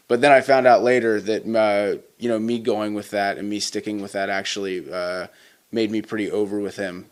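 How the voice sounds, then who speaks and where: A man in his twenties, a wrestler being interviewed, telling stories casually with lots of fillers and restarts. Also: fairly low pitch. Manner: rambling, many fillers and restarts. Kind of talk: casual storytelling.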